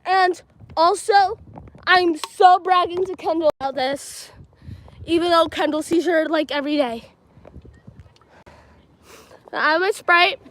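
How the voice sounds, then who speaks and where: A teenage girl with a very high-pitched, slightly bright voice livestreams on a handheld phone while walking around a school field and playground. She tells a long, rambling story slowly, pausing often and saying "like" and "um" a lot, and the recording is rough.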